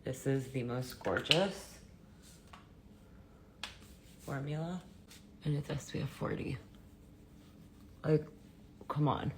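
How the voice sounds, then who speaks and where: Raspy-voiced woman chatting through makeup. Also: rumbling low, slow pace, long pauses, background noise. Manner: chatty and offhand, soft-spoken. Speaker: beauty vlogger. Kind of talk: casual makeup tutorial chat.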